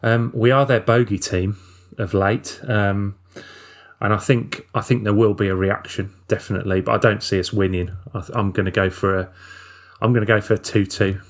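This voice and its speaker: A man's voice: lowish voice, fairly even intonation, normal speed. A man hosting a casual fan podcast, hesitant and saying um often. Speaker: podcast host.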